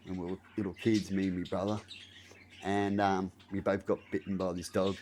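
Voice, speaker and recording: Australian man, lowish voice, casual rambling storyteller who acts out bits loudly. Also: little pitch movement, normal speed, slight background noise. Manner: rambling, acts out scenes with loud exclamations. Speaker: vlogger.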